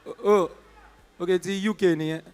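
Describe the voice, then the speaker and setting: A man from Nigeria with a Nigerian English accent doing live stand-up, chatting and teasing the audience, swinging from loud calls to low asides. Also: fairly even intonation, fairly quick, smooth. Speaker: stand-up comedian. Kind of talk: live stand-up with crowd work. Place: comedy club stage.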